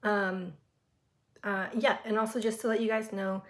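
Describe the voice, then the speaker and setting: A woman's voice: mid-range voice, little pitch movement, normal speed, a bit bright. A young woman hosting a casual reaction vlog from her room, chatty and gushing, with lots of fillers and giggles. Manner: frequent giggles while talking. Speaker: reaction video host.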